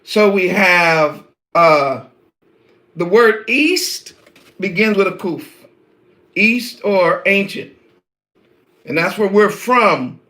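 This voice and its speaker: A man teaching an online scripture lesson, animated and preacher-like, talking straight to his viewers. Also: high voice, slow pace, long pauses, echoey room. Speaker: Bible teacher.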